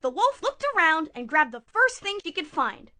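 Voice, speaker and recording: Lady narrating a puppet show, playful, high voice that jumps around a lot. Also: moderate pace, noisy background. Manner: playful, expressive.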